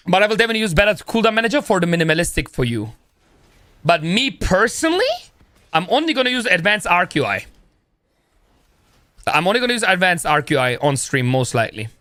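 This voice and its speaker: A young man, talking in a loose, rambling, slangy way with plenty of "bro", pitched somewhat high for a man. His voice is close to the mic and dry, with no room sound. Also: bright, forceful tone, no room sound. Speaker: streamer. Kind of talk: casual live-stream chat.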